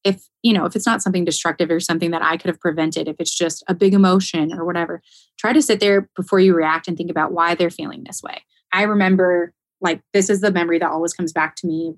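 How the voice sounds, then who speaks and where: A woman in casual podcast conversation, telling a story in an animated way and laughing often. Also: lowish voice, dry recording. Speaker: caregiver.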